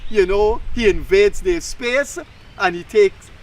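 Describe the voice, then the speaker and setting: Emphatic high-voiced Guyanese man. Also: slow, poor audio. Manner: animated, emphatic, mocking asides. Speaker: talk show host. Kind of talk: opinionated commentary.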